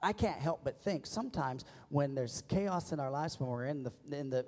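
Male pastor, high voice, emphatic sermon delivery, church hall echo. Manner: preaching with call-and-response, rising to loud emphatic peaks. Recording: long church reverb.

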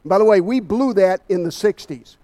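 A man's voice: sits high, normal speed, dark tone. A man giving a Bible study sermon, emphatic and a little out of breath, often asking his listeners rhetorical questions.

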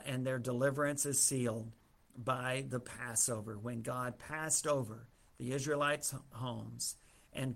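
A man teaching a Bible study, retelling the story casually with humorous asides. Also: medium pitch.

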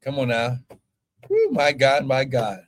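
A pastor preaching a fervent sermon, shouting scripture and breaking into exclamations between verses. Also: male voice, medium pitch, wildly swooping pitch, a little slow, slight background noise.

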